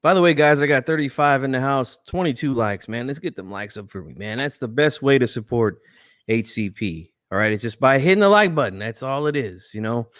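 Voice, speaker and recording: A man's voice: mid-range voice, expressive, brisk, a bit bright, no room sound, studio quality. A man hosting a casual boxing talk show, blunt and opinionated, lecturing his viewers. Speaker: boxing channel host. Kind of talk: casual podcast chat.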